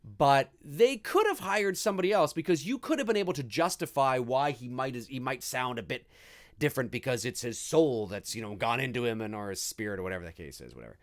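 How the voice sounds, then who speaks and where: A man's voice: medium pitch, lively intonation, fairly quick. A man hosting a live movie commentary stream, talking in a rambling, easygoing way and swearing freely.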